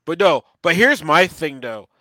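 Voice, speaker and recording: Bright-voiced man in a lively casual chat. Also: fairly high pitch, a little slow, no room sound. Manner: animated, laughing, swearing, mock-quoting characters. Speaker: podcast co-host. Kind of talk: casual chat reviewing a show.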